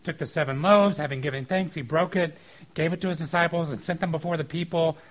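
A man preaching a casual sermon on a scripture passage, informal and animated, breaking into acted-out quotes. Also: fairly high pitch, quick pace, poor audio. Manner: informal and animated, acting out quotes with filler likes.

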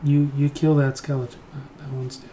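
A man's voice: medium pitch, little pitch movement, brisk, warm tone, a little hiss or hum. A man narrating as game master of a tabletop game, hesitant, with many fillers and restarts.

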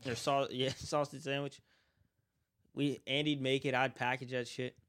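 A young man swaps crude, laughing stories about his old restaurant job. His voice sits at an ordinary pitch, and he slips in quick impressions of his coworkers. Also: little pitch movement, fairly bright tone, clear, resonant tone. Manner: profane, laughing, acts out coworkers' lines. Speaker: former restaurant worker. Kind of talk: casual storytelling among friends.

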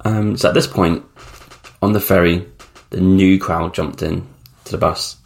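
A man's voice: low voice, steady tone, unhurried, vocal fry. A man in his thirties hosting a solo podcast, telling travel stories in a rambling, chatty way with blunt slang and frequent ums. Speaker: podcast host. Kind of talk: casual solo travel storytelling.

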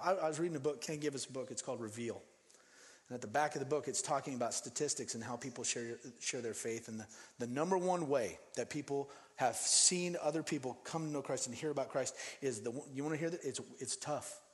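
A man from Denver preaching a sermon in an animated, conversational way, acting out the people he quotes. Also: mid-range voice, big-room sound. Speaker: pastor.

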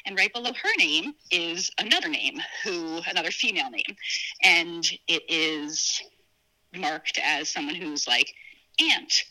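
Guest storyteller: woman from New Jersey, very bright and sharp-toned, lively, mimics others' voices mid-story. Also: unhurried, rough recording. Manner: animated, acts out quoted dialogue with big pitch jumps. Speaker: podcast guest. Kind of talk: casual personal storytelling.

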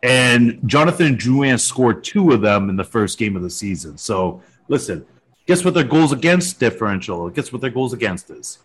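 A man's voice: mid-range voice, very animated, moderate pace, husky, low-quality recording. A man co-hosting a casual sports podcast, teasing his partner and laughing often. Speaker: co-host.

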